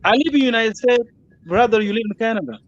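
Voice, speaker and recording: A man speaks in a high-pitched voice, grieving and impassioned, repeating himself as he pleads. The call audio is muffled and dull, with faint hiss behind him. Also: lively intonation, fast talker. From South Sudan. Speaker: guest. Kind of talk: emotional plea in an online interview.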